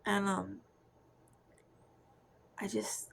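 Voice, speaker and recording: A young woman giving a soft, confessional personal testimony that often drifts into a whisper. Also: medium pitch, sing-song, unhurried, creaky, slight background noise, poor audio. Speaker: Christian testimony speaker.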